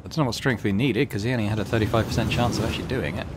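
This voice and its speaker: A man hosting a game playthrough, reading the on-screen text aloud with relaxed, mumbled asides on a desk microphone. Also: on the low side, racing, over loud music. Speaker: let's play host.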